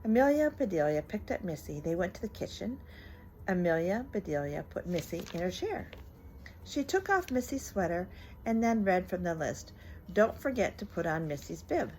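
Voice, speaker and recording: An older woman, a grandmother, reading a children's bedtime story aloud in a gentle, lively manner. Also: on the low side, normal speed, a little hiss or hum, low-quality recording.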